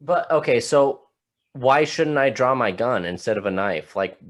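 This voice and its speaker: A man's voice: mid-range voice, expressive, measured pace. A man hosting a podcast, asking blunt questions, swearing freely and stumbling over his words. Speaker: podcast host. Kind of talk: casual podcast chat.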